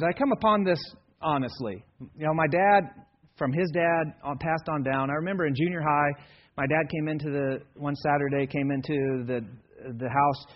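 Guy preacher telling stories, dry self-deprecating humor, bit high voice, muffled old recording. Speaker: guest preacher. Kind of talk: conversational sermon. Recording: dull lo-fi sermon recording.

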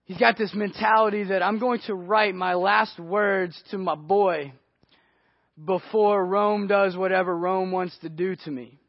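A male pastor preaching a sermon earnestly, swinging between hushed and emphatic delivery. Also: high voice, steady tone, a little slow, dry recording. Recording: dry, dull lo-fi audio.

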